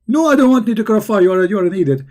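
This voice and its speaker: Man, debate host, mocking and combative, slightly high voice, dark mellow tone. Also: animated, racing. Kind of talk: live online debate commentary.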